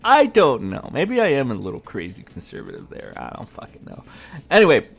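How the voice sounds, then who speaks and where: A man ranting in a heated, sarcastic commentary vlog, swearing freely. His pitch jumps around in a lively way. Faint music plays behind him. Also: fairly quick, gravelly, breathy edge. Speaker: gaming commentator.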